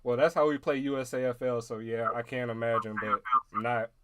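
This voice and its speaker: An American man co-hosting a casual livestream chat, laid-back and quick to laugh. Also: medium pitch, little pitch movement, fairly bright tone. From United States. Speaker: co-host. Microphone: video call.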